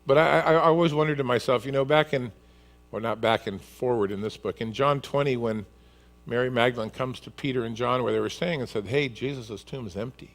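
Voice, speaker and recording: In his sermon, a male pastor tells the story vividly and acts out the scenes, an animated storyteller whose mid-range voice moves fairly quickly.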